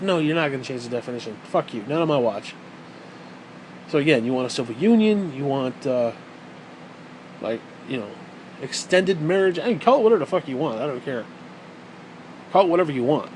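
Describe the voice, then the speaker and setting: A man's voice: a little high, expressive, a little fast, long pauses, darkish tone, slight background noise, low-quality recording. A man delivering a heated, profane and sarcastic ranting monologue as a vlogger.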